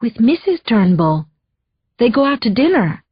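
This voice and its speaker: A woman putting on a housekeeper with an accent and simple broken English, read in a husky voice over a muffled, dry recording. She sounds plain and unbothered, a little higher than the narration. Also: sing-song, moderate pace, no room sound. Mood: matter-of-fact.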